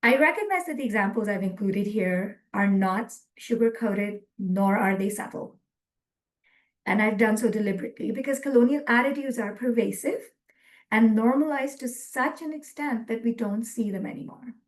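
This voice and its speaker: Woman doing an online editing webinar, kinda high voice, serious, lots of ums, computer mic. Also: lively intonation. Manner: earnest, measured, frequent ums. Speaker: webinar presenter. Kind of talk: presenting a slide lecture.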